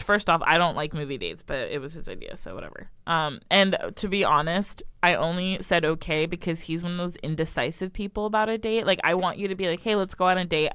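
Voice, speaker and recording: A young woman with a lowish, smooth voice tells a story in a casual podcast chat. She talks freely, laughs often and acts out what people said. The sound is close and dry. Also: a bit bright, no echo. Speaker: podcast co-host.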